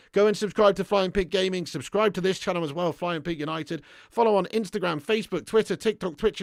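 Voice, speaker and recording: Hosting a live stream for football fans, a man reads viewer comments and chats with blunt, upbeat banter, growing loud when he hypes. His voice is high-pitched with vocal fry. It's a dry recording with clean studio sound.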